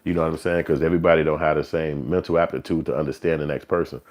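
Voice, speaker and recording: A man's voice: a bass voice, little pitch movement, rapid-fire, darkish tone. A man hosting a live stream, talking in a loose, profane, streetwise monologue. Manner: profane, streetwise, slips into acted quotes. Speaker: livestream show host. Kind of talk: casual rambling monologue.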